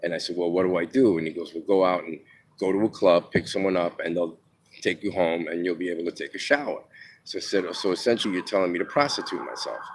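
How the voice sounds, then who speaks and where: A man's voice: sits low, fast, slight background noise. A man from New York telling his own life story in a loose, rambling way, full of fillers and casual swearing. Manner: rambling, many ums and restarts, swears freely. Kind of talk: casual spoken memoir.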